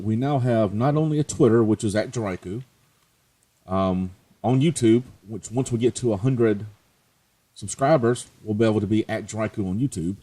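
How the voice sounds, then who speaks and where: A man's voice: on the low side, warm tone. A man hosting a let's play, chatting casually and joking at his own expense as he plays. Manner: chatty, joking, self-mocking. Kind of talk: casual gameplay commentary.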